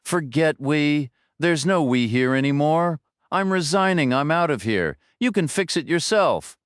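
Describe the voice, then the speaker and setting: Yelling finance guy gone shrill with rage, out of breath and sneering, a narrator doing him in a low, smooth, dry reading voice pushed way up. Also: expressive, normal speed, dry recording, close to an everyday voice. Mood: furious. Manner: screaming, sarcastic, panting. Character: furious male finance director, middle-aged.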